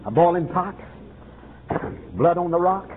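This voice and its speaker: A man preaches a revival sermon in a high, ringing voice, speaking slowly and expressively, swooping up into shouts and sinking low again, with "uh" filling the gaps. The sound is thin and phone-like, from an old tape with faint hiss beneath it.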